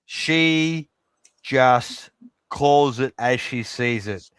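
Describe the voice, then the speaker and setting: A man's voice: medium pitch, drawn-out words, a bit bright, clean tone, no room sound. A man chatting casually as a football fan, rambling with lots of fillers. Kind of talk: casual chat.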